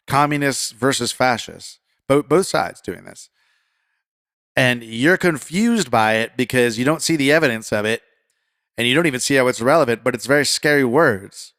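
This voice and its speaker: A man hosting a political commentary podcast, talking conversationally and getting fired up, then settling into calm reassurance. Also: medium pitch, moderate pace, no room sound, studio quality. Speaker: podcast host.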